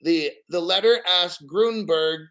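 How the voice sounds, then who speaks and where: Man, middle-aged, fairly high, bright tense tone, blunt profane rambling talk. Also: slow. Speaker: crypto channel host. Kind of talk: casual live stream rant.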